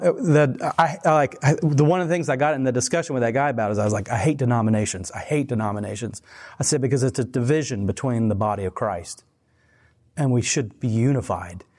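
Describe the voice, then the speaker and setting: A man's voice: medium pitch, a little mellow. A man preaching in a casual, conversational sermon style, telling stories with many restarts and laughing at himself. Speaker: pastor.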